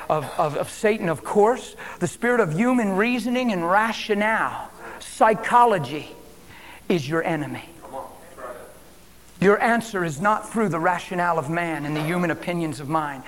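A man preaching a sermon as a guest preacher at a church service, swinging from emphatic declarations to hushed whispers. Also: sits high, normal speed.

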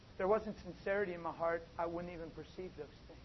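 A man preaching a sermon, swinging from soft asides to loud, drawn-out emphatic phrases. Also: on the high side. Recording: dull, lo-fi with faint noise.

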